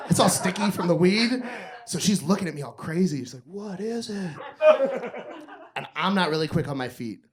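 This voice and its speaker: A man performing a crude stand-up comedy set on a club stage, yelling his punchlines and telling stories. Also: a little high. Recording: noisy live club recording.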